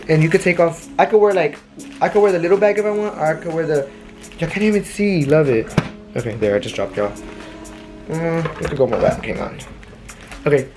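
At home, a young adult vlogger shows off new purchases, telling stories in a chatty, rambling, animated way at a medium pitch. This casual haul chat plays over faint background music.

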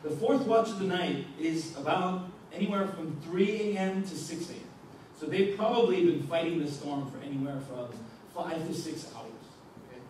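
A man's voice: on the high side, moderate pace, darkish tone, slight background noise. A young man preaching to a youth group, reading scripture aloud and explaining it in a conversational way, often checking in with "okay?" and "right?". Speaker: youth pastor. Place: youth ministry meeting room. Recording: echoey room from far off.

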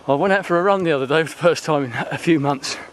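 A man's voice: on the high side, quick pace, a little hiss or hum. A man, out of breath and chatting casually as he climbs a hill outdoors. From England. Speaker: vlogger. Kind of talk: casual walking commentary. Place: open hillside outdoors.

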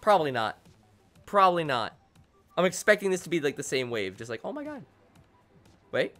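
An excitable young man giving live commentary as he plays a video game, joking at his own expense and answering his chat. His voice swings widely, from low mutters up to eager high shouts. The tone is bright and forward. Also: moderate pace, long pauses, soft background music. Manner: excitable, self-deprecating, talks to chat. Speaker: streamer.

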